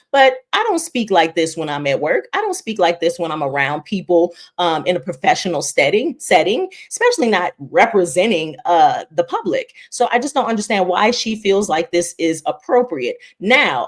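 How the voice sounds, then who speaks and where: A woman talks straight to camera in casual political commentary. She is emphatic and exasperated, pressing her points with incredulous questions. Her voice sits in an ordinary middle range. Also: medium pitch. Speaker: commentary host.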